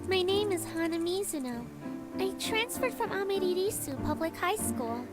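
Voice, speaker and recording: A woman voicing a shy young female student who introduces herself to a new class in a soft, timid, polite way. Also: extremely high pitch, animated, moderate pace, over loud music, pitched above the performer's own voice.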